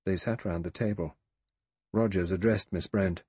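A man narrating a mystery audiobook in a measured, dramatic reading. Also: low voice, steady tone, warm tone, slightly rough, no echo.

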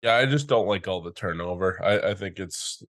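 Stuffy-nosed low male co-host. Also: normal speed, a bit bright. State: congested from allergies. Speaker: podcast co-host. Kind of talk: casual chat.

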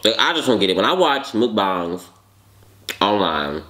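A man's voice: fairly low pitch, sing-song, moderate pace, pushed and bright. A young man chatting casually while eating on camera, sassy and dramatic, with mouth noises between words. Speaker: vlogger. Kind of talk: casual mukbang chat. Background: eating while talking.

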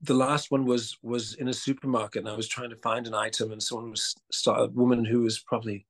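In a brisk, mid-range voice, a male actor talks as a guest in an easygoing interview. He has a mixed accent with traces of Australian and speaks animatedly, stammering over restarts, laughing, and copying people's voices.

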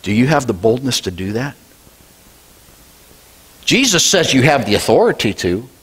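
A male pastor preaching a Sunday sermon, swinging between loud declarations and low, quiet lines. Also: big pitch swings, moderate pace, breathy edge. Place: church sanctuary.

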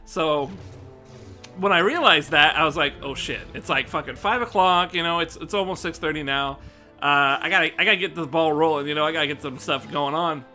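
A man's voice: on the high side, fairly quick, pushed and bright, soft background music. A young American man streaming live, chatting casually and rambling about his day, swearing freely and a little out of breath. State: slightly out of breath. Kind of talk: casual rambling chat to viewers.

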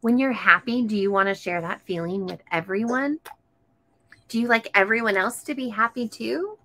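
A woman's voice: mid-range voice, moderate pace, sharp tone. A woman reading a picture book aloud to a young child, coaxing him with questions and breaking into gasps and exclamations. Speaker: storytime host.

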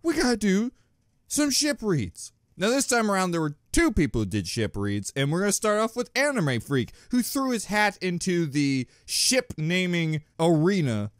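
A man rambling through reaction commentary with lively swings in pitch and crude, self-mocking jokes. He often laughs at himself between remarks. The sound is dry and close, with no room around it. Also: moderate pace, no room sound. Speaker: reaction channel host.

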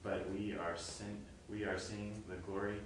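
A male student reading aloud in class, halting and hesitant, with many fillers. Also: fairly low pitch, flat delivery. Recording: echoey classroom from far off with background noise.

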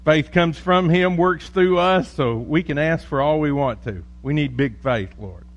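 Folksy joking pastor, a man with a higher voice. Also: a little slow. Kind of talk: sermon with scripture reading and prayer.

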